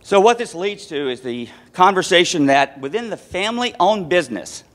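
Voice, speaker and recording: A man gives a conference presentation, walking through a family anecdote and then laying out his points one by one. His voice sits a bit high for a man, with an explanatory storytelling manner. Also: sing-song, moderate pace, a bit bright. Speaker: conference speaker.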